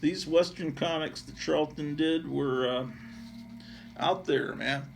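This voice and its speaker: Gravelly, rambling man showing off comics. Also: on the high side, slow, faint music behind. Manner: digressive, offhand, with frequent fillers. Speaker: comic book collector and channel host. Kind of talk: casual rambling show-and-tell.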